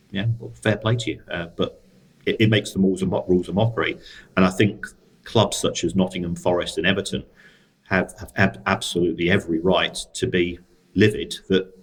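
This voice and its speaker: A man's voice: low-pitched, fairly bright tone, slightly rough, rough recording. A man co-hosting a podcast, explaining football finance in a casual, dry and wry way. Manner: dry, wry asides, frequent restarts. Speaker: co-host, football finance expert.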